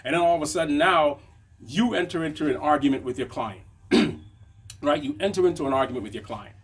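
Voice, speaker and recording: A man's voice: fairly high pitch, fairly quick, slightly rough. A man teaching a conversational motivational lesson on business, checking in with frequent tag questions. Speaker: business coach.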